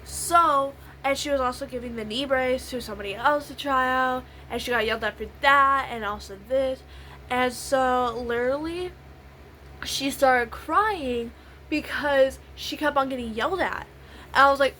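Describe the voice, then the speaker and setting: A woman's voice: high voice, normal speed, bright, forceful tone, slight background noise, rough recording. Chatty young woman telling a story. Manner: rambling, repeats "literally" and "I was like". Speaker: vlogger. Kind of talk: casual storytelling while doing makeup.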